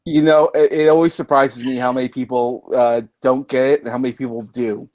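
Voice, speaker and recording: A man chatting casually, stammering through restarts with animated energy. His voice sits in a middle range. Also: medium pitch, fairly quick, a crowd in the background. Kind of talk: casual chat.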